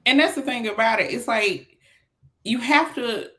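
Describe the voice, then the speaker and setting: On a casual podcast, a woman co-host tells stories in a relaxed, colloquial style. Her voice sits on the high side, with a sharp tone and a slightly slow pace.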